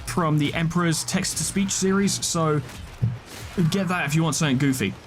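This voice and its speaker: A man rambling casually as he commentates a video game list, tossing out quick offhand verdicts and the odd swear. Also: on the high side. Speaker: gaming video creator.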